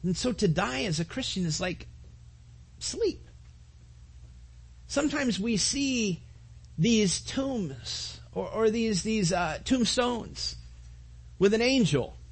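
High-voiced husky male preacher. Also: animated, slow pace. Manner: earnest preaching with repetitions and asides to the congregation. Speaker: pastor. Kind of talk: sermon.

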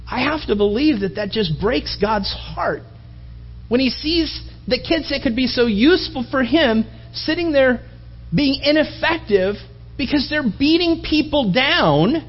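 A man preaching a sermon in an animated, mocking way, building to emphatic appeals. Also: very high voice, measured pace, muffled recording. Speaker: pastor.

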